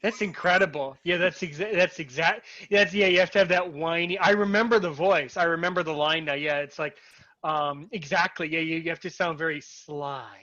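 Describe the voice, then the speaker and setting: A man's voice: a little high, normal speed, sharp tone, lo-fi sound. A man hosting a casual chat, eager and stumbling, often repeating words as he talks. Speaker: host.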